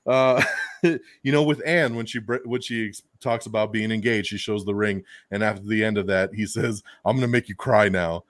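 A man hosting a podcast in a casual chat, animated and full of fillers, chuckling often. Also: fairly low pitch, moderate pace, no echo. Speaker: podcast host reviewing a film.

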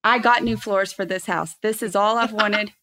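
A woman in her thirties telling a story in an animated chat, expressive and freely swearing. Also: mid-range voice, moderate pace. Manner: expressive, swears freely, acts out quotes loudly. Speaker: podcast guest, co-host's wife.

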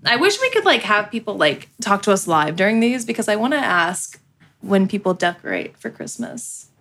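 Giggly, chatty woman with a lively voice. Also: medium pitch, moderate pace, creaky. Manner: giggly, chatty, many filler likes. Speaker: podcast co-host. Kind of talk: casual chat.

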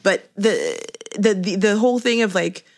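A woman's voice: medium pitch, very animated, normal speed, a little mellow. A woman guest on a podcast, chatting casually and telling a long story with many restarts and stammers. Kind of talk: casual chat.

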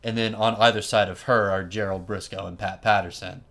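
A man hosting a podcast, telling a story in an animated, wry, casual way and laughing often. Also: on the low side, a little fast. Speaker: podcast host.

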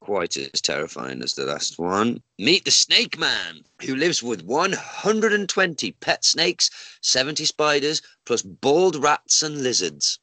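A man on a podcast, reading odd news stories aloud in a lively, swooping voice full of swearing and laughter. His tone is bright and forward. The sound is dry and close to the mic. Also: mid-range voice, unhurried, dry recording, poor audio. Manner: sweary, laughs often, mocks the story as he reads. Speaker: podcast co-host.

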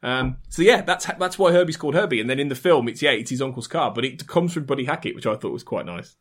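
A man's voice: mid-range voice, expressive, fast talker, fairly bright tone. Male podcast guest, medium voice, enthusiastic trivia talker, restarts a lot. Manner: enthusiastic, stumbling restarts when explaining. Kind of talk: casual chat, sharing trivia.

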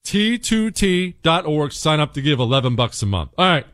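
A man's voice: very animated, moderate pace, fairly bright tone, no echo, clean studio sound. A man hosting a radio talk show, ranting sarcastically and reading sponsor spots in an earnest tone. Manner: sarcastic, swings between mocking high tones and low earnest pitch. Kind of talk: opinionated radio monologue.

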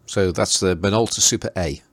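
A man's voice: low voice, fairly quick, no room sound. A man co-hosting a podcast in casual chat, teasing and playful, from outside the US. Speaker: podcast co-host.

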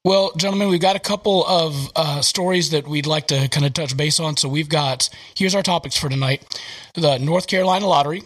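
Southern man podcast host, slightly higher voice, rambling chatty delivery. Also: fairly quick, a bit bright. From American South. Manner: rambling, filler-heavy. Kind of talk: casual chat. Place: home office.

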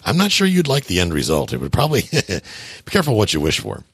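Super deep gravelly guy hosting a podcast, laid-back, lots of ups and downs, husky and dry. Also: wildly swooping pitch, fast, fairly bright tone, dry recording. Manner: laid-back, chuckles often. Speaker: podcast host. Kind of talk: casual podcast chat.

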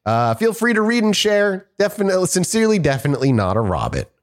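Man, podcast co-host, reads listener letters, lively swooping voice, slightly high, giggly. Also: fast talker. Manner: giggly, animated reader. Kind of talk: casual chat, reading listener stories aloud.

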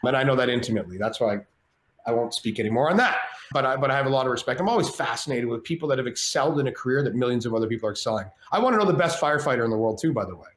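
A man's voice: mid-range voice, racing. Roomy-sounding man telling wild stories. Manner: animated, swears freely, acts out quoted voices. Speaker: podcast guest. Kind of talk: casual storytelling. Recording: roomy echo with faint ambience.

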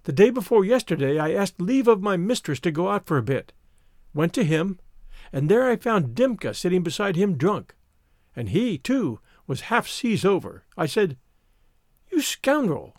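A man's voice: sits high, very animated, moderate pace, dry recording, studio quality, full character voice. A man reading the part of a battered young servant woman, bitter yet tender, in a whining, lamenting tone. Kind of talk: audiobook character reading.

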